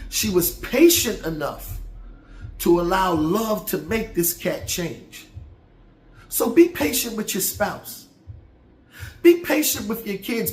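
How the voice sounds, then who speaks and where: A man giving a motivational talk as a folksy, down-home storyteller who turns preachy. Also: sits high. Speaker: motivational speaker. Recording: roomy echo with faint background music.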